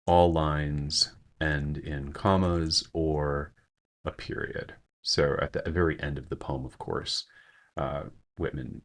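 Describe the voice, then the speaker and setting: A man giving a screen-share poetry lesson, thinking aloud with frequent fillers and self-corrections. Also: very deep voice. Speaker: teacher.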